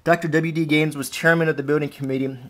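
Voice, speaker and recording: A man's voice: a little high, flat delivery, quick pace, a bit bright. Chatty man with a faint Southern accent. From Alabama, US South. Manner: conversational, amused, storytelling. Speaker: host showing family scrapbook. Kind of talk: casual vlog narration. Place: at home indoors, cats around.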